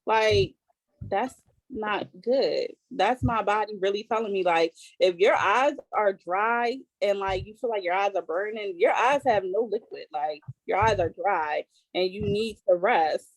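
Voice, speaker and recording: A woman's voice: medium pitch, no room sound, low-quality recording. A woman in her thirties speaking candidly in a casual podcast chat about motherhood, with lots of fillers and restarts. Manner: halting, many fillers and restarts, emotional openness. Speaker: podcast co-host sharing as a mother.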